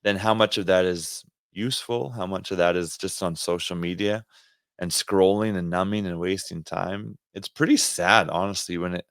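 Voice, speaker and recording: A man's voice: deep voice, fairly even intonation, normal speed, fairly bright tone, no room sound, clean studio sound. A Canadian man co-hosting a faith podcast, talking earnestly in a rambling, casual way with restarts. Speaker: podcast co-host.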